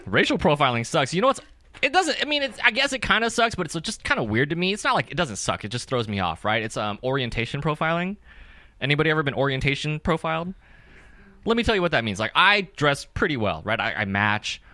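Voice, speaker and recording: A young adult man from California doing stand-up comedy at an open mic, energetic and profane, often checking with the crowd. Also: a little high, fast talker, no room sound. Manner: energetic, profane, keeps asking the crowd "right?".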